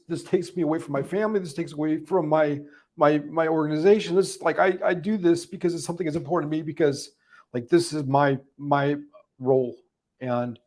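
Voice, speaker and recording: Choked-up man rambling on a livestream. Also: fairly high pitch. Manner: halting, emotional, many restarts. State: choked up, holding back emotion. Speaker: livestream host giving a daily recap. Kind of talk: unscripted livestream talk.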